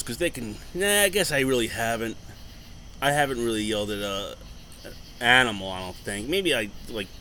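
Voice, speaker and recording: A man in relaxed podcast chat, speaking at a middle pitch. He is blunt and quick with a joke, and he swears casually. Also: slight background noise. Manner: blunt, profane, joking.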